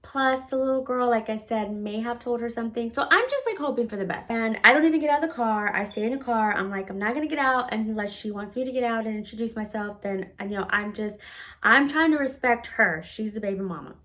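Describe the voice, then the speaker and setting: A woman's voice: a little high, a little fast. Blunt, profane woman telling a story. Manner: blunt and profane, with lots of filler words; animated retelling, often acting out her own past words. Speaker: storytime vlogger. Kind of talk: casual storytime monologue.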